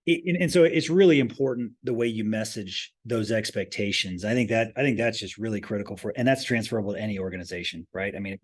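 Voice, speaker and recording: A man's voice: lowish voice, fast talker, hardly any pauses. A man, a company president, talking earnestly as a podcast guest, often restarting his phrases and pressing hard on key points. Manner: earnest, emphatic, many restarts. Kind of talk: podcast interview.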